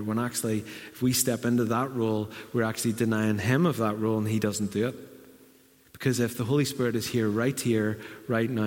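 A middle-aged man preaching a conversational sermon in a church, now and then acting out quotes in a raised voice. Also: on the low side. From Northern Ireland. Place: church hall. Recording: reverberant church hall.

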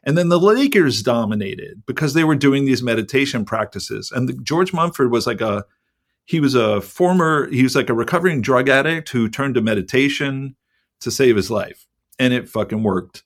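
A middle-aged man chatting on a podcast, his voice sitting at an ordinary middle pitch. He talks in a loose, rambling way, full of "like" and casual swearing, candid and unguarded. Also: lively intonation, moderate pace. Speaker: podcast co-host. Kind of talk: casual chat.

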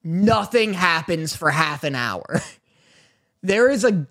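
Male co-host, high and animated, playful teasing delivery. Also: slow. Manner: teasing, laughs a lot. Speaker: podcast co-host. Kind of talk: casual chat.

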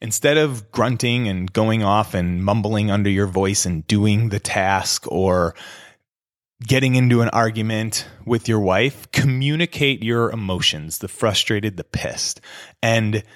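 A man with a fairly low voice talks straight to his listeners in a casual coaching tone, like a podcast host walking them through advice. The sound is dry and close, with no room around it. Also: unhurried, no room sound.

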